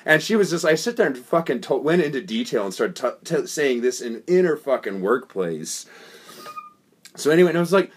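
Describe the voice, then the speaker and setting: Brisk and slightly rough, this medium-pitched man co-hosts a podcast, spinning a long, profane, casual story. He gets animated and performs the voices of the people he quotes.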